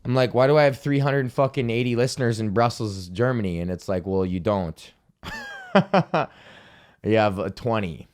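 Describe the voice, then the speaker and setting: A man's voice: lowish voice, animated, moderate pace. A young man hosting a solo comedy podcast, ranting in a profane, rambling, self-deprecating way. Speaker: podcast host.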